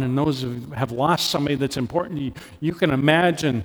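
Earnest preaching man in a reverberant hall. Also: fairly quick. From Canada. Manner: earnest, rises in pitch for emphasis, drops soft when personal. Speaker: pastor. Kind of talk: sermon.

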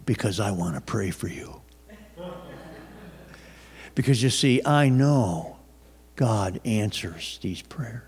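A man's voice: medium pitch, a little mellow, breathy edge. A man preaching a sermon in a loose, conversational storytelling way, often restarting his sentences. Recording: long reverb of a large hall.

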